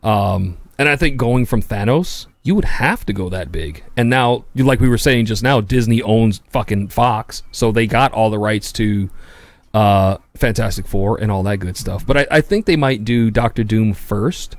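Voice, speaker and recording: A man's voice: normal speed, dry recording. Laughing, profane male podcast host. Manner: profane, joking, laughs loudly and jumps high in pitch. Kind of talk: casual chat.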